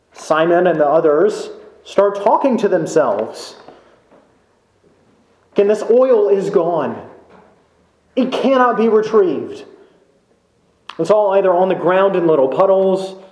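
Man, pastor, sermon, unhurried emphatic delivery, rhetorical questions, echoey church room. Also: high voice, darkish tone. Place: church sanctuary.

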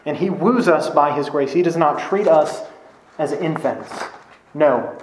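A man delivers a sermon with earnest emphasis, stacking repeated phrases to drive each point home. His voice sits a little on the high side. The room adds a noticeable echo. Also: measured pace. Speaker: preacher. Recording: echoey room.

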